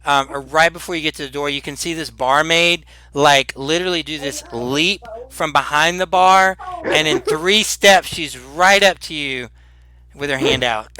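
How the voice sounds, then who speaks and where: A man's voice: a little high, moderate pace, sharp tone. A man running a tabletop game as dungeon master, laughing often and talking with many fillers.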